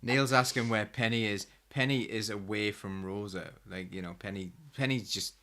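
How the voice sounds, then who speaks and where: A man co-hosting a podcast in relaxed casual chat, rambling a little and sharing nerdy facts. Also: lowish voice, normal speed. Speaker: podcast co-host.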